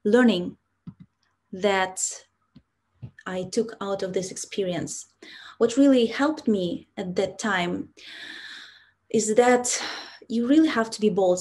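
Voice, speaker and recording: Brief: young Russian-accented woman, speaking coach, earnest storytelling, mid-pitched voice. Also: a little mellow. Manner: earnest, reflective storytelling with frequent "so" and "like". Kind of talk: storytelling presentation.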